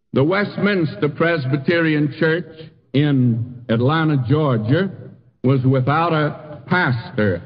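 An older man preaching a sermon in earnest, drawing out key phrases slowly for emphasis. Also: fairly high pitch, big-room sound, lo-fi sound. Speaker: pastor. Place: church sanctuary.

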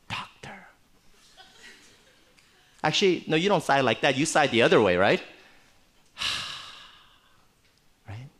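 A middle-aged man preaching a sermon in a church, conversational and animated, with playful asides. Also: mid-range voice, fast, few pauses. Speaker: pastor.

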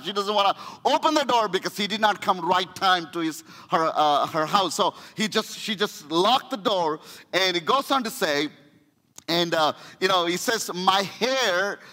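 A man preaching a sermon as pastor, telling the story in an animated way with frequent restarts. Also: high-pitched. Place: church sanctuary. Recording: echoey church hall.

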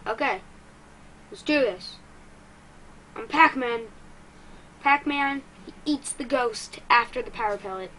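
A woman giving excitable let's-play commentary as a gaming YouTuber, quick to get frustrated and poking fun at herself. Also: a little high, slight background noise, rough recording.

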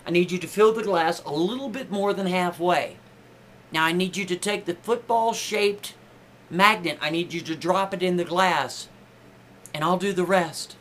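A man's voice: high voice, normal speed, fairly bright tone, slight background noise. A man voicing a desperate pleading woman. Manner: urgent, begging, repeating herself.

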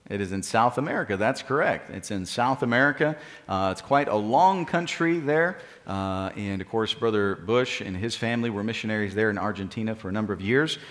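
Pastor, male, lowish voice, easygoing and halting delivery, live church stream with long echo. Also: lively intonation, a bit bright. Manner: halting, with frequent "uh" fillers; encouraging, praising children after they recite. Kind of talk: church announcements. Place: church sanctuary.

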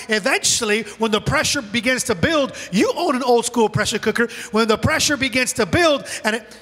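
A man preaching a sermon as pastor in a church, animated and acting out prayers and dialogue. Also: extremely high pitch, normal speed, husky, big-room sound. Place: church sanctuary.

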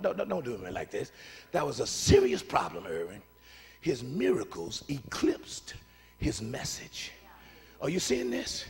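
A man preaching a lively sermon, talking with the congregation and swinging between shouted lines and hushed asides. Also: a little high, breathy edge, big-room sound. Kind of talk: call-and-response sermon. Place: church sanctuary.

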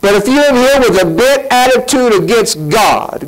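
A man preaching from the pulpit in a high, bright-sounding voice. He speaks animatedly, firing off rhetorical questions with sudden leaps in pitch. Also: animated, normal speed, low-quality recording. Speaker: pastor. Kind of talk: sermon.

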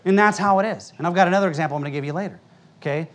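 Speaking very fast in a high-pitched voice, with slight background noise, an American pastor delivers a sermon to his congregation in the church sanctuary. He's blunt and emphatic yet conversational, often breaking off into asides to the crowd.

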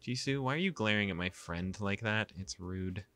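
A man's voice: lowish voice, normal speed, sharp tone. A man voicing a flustered teenage girl heroine of a visual novel, speaking in a raised, pleading voice. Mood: annoyed.

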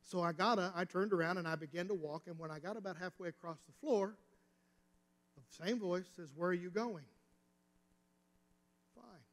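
Preacher guy, kinda high voice, storytelling sermon, big reverb from the church hall. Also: fairly quick, fairly bright tone. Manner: personal storytelling, rising and falling intensity. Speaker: pastor. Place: church sanctuary.

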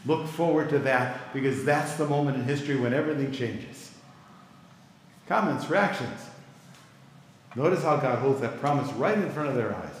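Animated and moderately paced, this middle-aged pastor's medium-pitched voice fills an echoey hall with long reverb. He leads a Bible class in a conversational style, regularly stopping to get reactions from the class.

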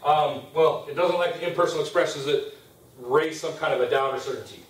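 A man's voice: fairly high pitch, a little fast. A man teaching a Spanish grammar class as a lecture, explaining step by step and often checking in with "okay?". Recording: roomy classroom sound from a distance.

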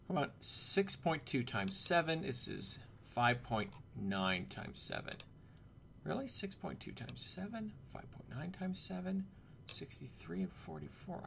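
Chatty gravelly-voiced man narrating gameplay. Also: medium pitch, fairly bright tone, a little hiss or hum. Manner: chatty, joking asides. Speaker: gameplay commentator. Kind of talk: casual let's-play commentary.

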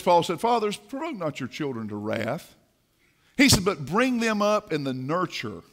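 A man preaching a sermon in a church, swinging from quiet asides to fiery shouting. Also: fairly high pitch. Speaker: pastor. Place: church sanctuary.

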